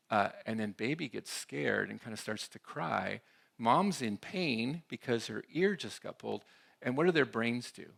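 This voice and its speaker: A man's voice: mid-range voice, creaky, a bit bright. A man giving a conversational talk at a church conference, often checking in with the audience. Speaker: conference speaker.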